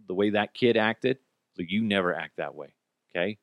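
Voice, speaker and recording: A man hosting a casual solo podcast, ranting in an animated, exasperated way and swearing freely. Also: fairly low pitch, moderate pace, no room sound, studio quality. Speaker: podcast host.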